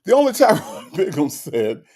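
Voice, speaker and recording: A man hosting a livestream, riffing comedically on a story and reading chat comments, animated and repetitive with laughing asides. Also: high-pitched, moderate pace.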